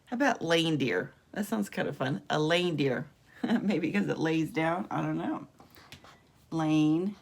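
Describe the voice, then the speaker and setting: Low gravelly lady teacher, slow and patient, sounding out letters for kids. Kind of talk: home video lesson on phonics. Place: her room at home.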